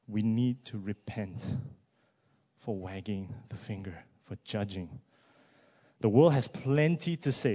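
With a mid-range voice, a man delivers a sermon full of rhetorical questions, alternating between soft, hushed speech and loud emphasis that builds upward.

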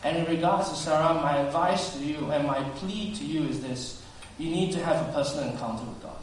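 Preacher in a booming echoey hall. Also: male voice, fairly quick, slight background noise. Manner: earnest, swings between loud emphasis and soft hushed asides. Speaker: pastor. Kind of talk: sermon. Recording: very echoey hall, speaker far from mic.

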